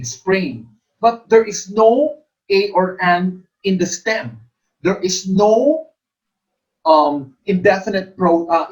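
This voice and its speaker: A middle-aged man, coaching exam takers, slowly repeating terms and stressing syllables as he explains. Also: sits high, rough recording. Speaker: exam review teacher. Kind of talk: teacher-exam coaching lecture.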